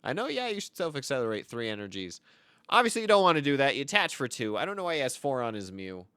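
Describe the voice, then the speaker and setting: A young man commenting on his own card game match, telling deadpan, absurd tall tales between plays. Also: medium pitch, quick pace, clear, resonant tone, no echo, clean studio sound. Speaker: card game content creator. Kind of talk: joking commentary over gameplay.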